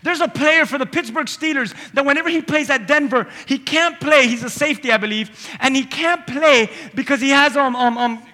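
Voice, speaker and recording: A man preaches a sermon in a church with a long reverberating hall sound around him. His voice sits high and bright, and he swings from forceful emphasis to quiet asides, slipping into little character voices as he tells a story. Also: brisk, few pauses. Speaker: pastor. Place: church sanctuary. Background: congregation.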